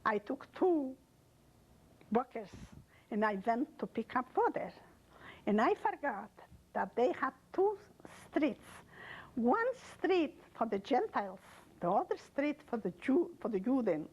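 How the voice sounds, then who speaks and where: Older woman, from Poland, husky voice, slightly high, halting emotional testimony, broken grammar. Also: very animated, muffled recording. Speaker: interviewee. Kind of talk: oral history testimony.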